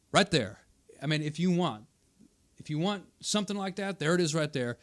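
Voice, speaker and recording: A man's voice: sits high, expressive, normal speed, fairly bright tone. Combative man rebutting a debate. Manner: combative, rebutting quoted remarks with emphatic repetition. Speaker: channel host. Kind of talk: argumentative commentary on a debate video.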